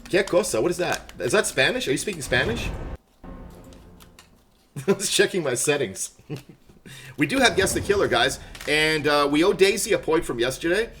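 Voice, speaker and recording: A man's voice: a little high, a bit bright, slight background noise. A young adult man from Montreal, live-streaming a game and chatting casually and jokingly with his chat. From Montreal, Canada. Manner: chatty, jokey, reads and answers chat.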